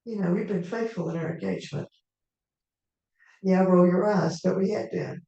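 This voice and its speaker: A woman storyteller telling a tale in the first person as a character, in an unhurried, conversational way with asides to the audience. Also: fairly low pitch, vocal fry, dark tone, muffled recording. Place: live performance venue. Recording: echoey hall, mic far off.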